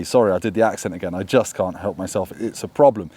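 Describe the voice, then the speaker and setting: A man's voice: fairly low pitch, fast talker, few pauses, warm tone, no room sound. A man giving a casual, joking review to camera outdoors by a road, full of self-deprecating asides. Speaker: motorcycle reviewer.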